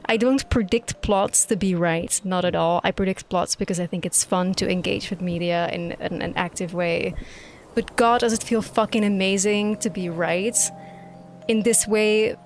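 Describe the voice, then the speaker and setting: A woman streamer reacting live to a game, ranting emphatically and swearing freely. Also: mid-range voice. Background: quiet game music.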